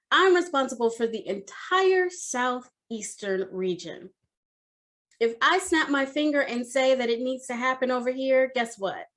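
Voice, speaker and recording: A woman voicing a stern, formal older male office manager who speaks in a firm, measured, commanding way. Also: mid-range voice, warm tone, close to an everyday voice.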